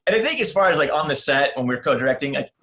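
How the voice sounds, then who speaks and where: A film director, a man, guesting on a podcast and chiming in in a relaxed way to finish a shared story. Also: a little high, very fast, echoey room, over a noisy crowd. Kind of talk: casual podcast interview.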